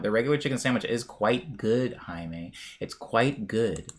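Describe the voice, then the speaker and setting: A man's voice: medium pitch, expressive, normal speed, fairly bright tone. A young man streaming live, reading chat aloud and rambling in a chatty, jokey way. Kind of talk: casual chat.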